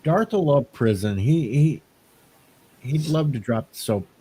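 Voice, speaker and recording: A man's voice: mid-range voice, animated, unhurried, warm tone, breathy edge. A man co-hosting a live stream, teasing the host and reading out viewer comments. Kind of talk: casual chat.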